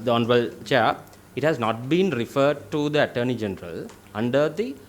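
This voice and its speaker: A middle-aged man with a Sri Lankan English accent, testifying as a legal officer before a parliamentary committee, reading constitutional clauses in a deliberate, formal way. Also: medium pitch, a little hiss or hum. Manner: deliberate, formal, reads clauses aloud with stressed words.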